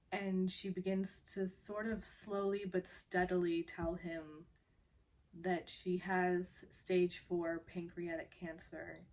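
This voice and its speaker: Slow-talking woman fighting back tears. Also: lowish voice, slight background noise. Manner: emotional, holding back tears; chatty and informal. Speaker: drama recap vlogger. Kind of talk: casual drama recap.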